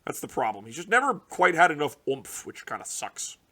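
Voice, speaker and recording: A young man giving casual, profane reaction commentary on a card game release, ranting in exasperation with sudden loud outbursts. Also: a little high, big pitch swings, fairly quick. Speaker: card game content creator.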